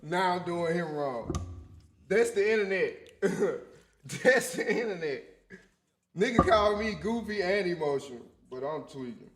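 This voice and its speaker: A man with a Memphis accent, co-hosting a live reaction stream, talking loud and profane in heated casual banter. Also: high-pitched, animated, unhurried, reverberant, slight background noise. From Memphis, USA. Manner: loud, big-mouthed, profane, argumentative.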